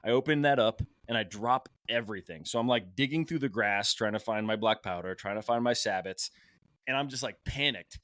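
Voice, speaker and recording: A man telling a hunting tale on a podcast, lively, with a bright, forceful tone. He jumps into raised voices to replay what was shouted. The recording is dry and close. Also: fairly low pitch, fairly quick, no echo. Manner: animated, acts out shouted quotes. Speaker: podcast host. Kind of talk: casual storytelling.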